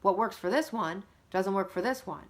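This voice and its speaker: Woman in her thirties, mid-pitched, earnest and chatty, mother giving straight advice to camera. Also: normal speed. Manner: earnest, animated, conversational. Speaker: mother of two. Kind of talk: casual advice talk.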